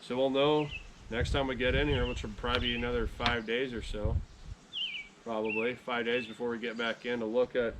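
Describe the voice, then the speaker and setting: A man chatting casually to camera outdoors beside his beehives in a relaxed, rambling way, often correcting himself. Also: mid-range voice, a little fast, noisy background. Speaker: beekeeping vlogger.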